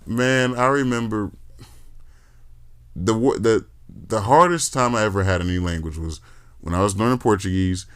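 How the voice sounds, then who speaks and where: A man hosting a podcast in casual conversation, talking in a loose, slangy, profane way with excited jumps in pitch. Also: normal speed, long pauses, clear, resonant tone. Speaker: podcast host.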